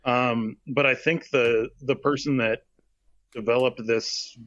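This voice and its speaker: A man co-hosting a podcast, chatting casually and slowly, thinking aloud with many fillers. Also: mid-range voice, fairly even intonation, a bit bright, dry recording, dull audio. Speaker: podcast co-host. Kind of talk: casual chat.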